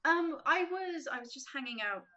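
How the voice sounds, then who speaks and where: A woman's voice: sits high, normal speed, lo-fi sound. A woman guest on a podcast telling a story in casual chat, acting out the quotes and saying "like" a lot. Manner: animated, acts out quotes, frequent "like". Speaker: podcast guest, games writer.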